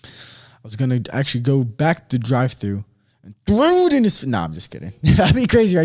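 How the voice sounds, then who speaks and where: A man's voice: mid-range voice, wildly swooping pitch, a little fast, darkish tone. A man hosting a podcast alone, giving a casual rant in a blunt, fired-up way, swearing and using slang. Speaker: podcast host.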